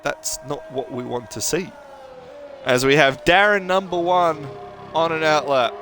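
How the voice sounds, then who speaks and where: A man's voice: fairly high pitch, unhurried, over music. A young man commentating a sim racing stream, chatting casually and joking with viewers and drivers. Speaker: race commentator.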